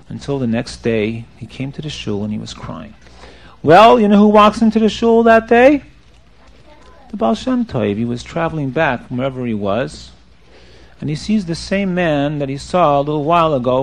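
A man telling a story to children, animated and checking that his young listeners are following along. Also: a little high, moderate pace, gravelly.

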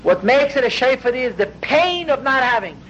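A man teaches a class on a Hasidic text in a very high, slightly bright voice with lively intonation and a moderate pace. His earnest explanations are packed with Hebrew and Yiddish terms and grow intense and loud toward the end. The lecture is recorded in dull lo-fi with faint background noise.

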